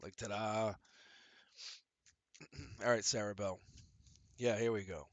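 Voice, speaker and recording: A man doing a live-streamed tarot reading, animated and profane, laughing often and acting out little quoted voices. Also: on the low side, takes it slowly, no room sound, highs cut off. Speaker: tarot reader.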